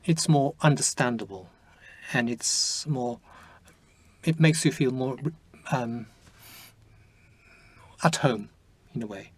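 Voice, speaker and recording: A man whose first language is Japanese, hosting an interview in English and speaking in a halting, reflective way as he searches for words. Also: medium pitch, slightly rough, dry recording. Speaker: host.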